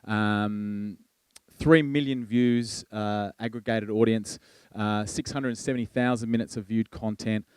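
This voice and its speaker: A man's voice: lowish voice, steady tone, a little slow, smooth, no echo. A man giving a conversational conference keynote, with frequent ums and restarts. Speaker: keynote speaker. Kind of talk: conference presentation.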